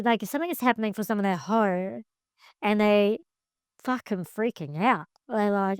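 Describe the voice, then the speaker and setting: A woman hosting a casual interview, asking blunt, playful, quick-fire questions. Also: fairly high pitch, clear, resonant tone, no room sound, clean studio sound. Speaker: podcast host.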